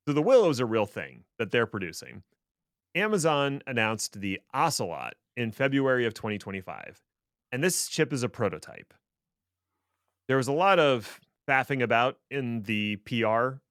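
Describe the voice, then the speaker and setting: A man's voice: medium pitch, fairly bright tone, dry recording. A man co-hosting a tech podcast, explaining things casually with dry, sarcastic asides. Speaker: podcast co-host.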